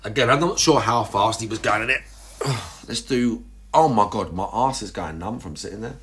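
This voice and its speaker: A man's voice: fairly low pitch, moderate pace, fairly bright tone, a little hiss or hum. Rambling young man streaming casually. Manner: rambling, crude and self-mocking, lots of restarts. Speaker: livestreamer. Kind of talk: casual livestream chat.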